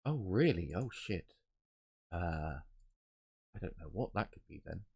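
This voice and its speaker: A man narrating a tabletop role-playing game from a home setup, his voice very low and deep. He talks in a halting way, often restarting sentences and filling gaps with "um". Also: expressive, vocal fry, a little mellow. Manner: halting, with many fillers and restarts. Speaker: game master.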